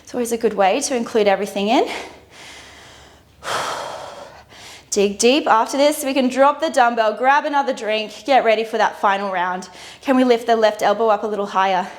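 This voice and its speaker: High-voiced, breathless woman fitness coach. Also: quick pace. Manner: encouraging, upbeat, coaching while exercising. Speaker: fitness instructor. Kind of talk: guided workout instruction. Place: indoor workout studio.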